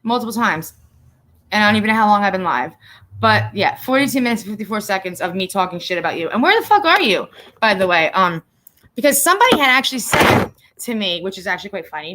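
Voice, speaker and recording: A woman's voice: medium pitch, very animated, fast talker, background noise. Profane, blunt woman chatting on a livestream. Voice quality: profane, blunt, laughs often. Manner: emotional, tearful at times. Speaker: livestream host. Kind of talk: casual livestream chat.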